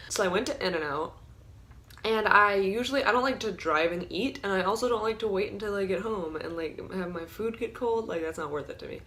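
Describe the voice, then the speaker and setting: This young woman has a fairly low, slightly bright voice as she chats through a casual storytime vlog. Her storytelling is loose and full of "like," and she frequently bursts out laughing.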